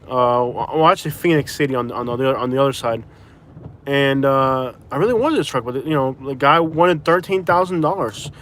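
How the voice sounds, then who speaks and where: A man's voice: mid-range voice, normal speed, fairly bright tone, slight background noise. Rambling man chatting from his car. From Florida. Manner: rambling, self-correcting, chatty. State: tired with a migraine. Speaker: vlogger. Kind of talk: casual live-stream chat. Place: inside a vehicle.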